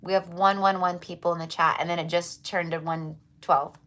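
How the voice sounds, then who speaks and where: A woman tarot reader talking live to her viewers from home. Her voice sits fairly low. She rambles in a loose, effusive chat full of fillers and repeated words. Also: fairly even intonation, normal speed, a bit bright. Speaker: tarot reader hosting a livestream. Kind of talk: casual livestream chat to viewers.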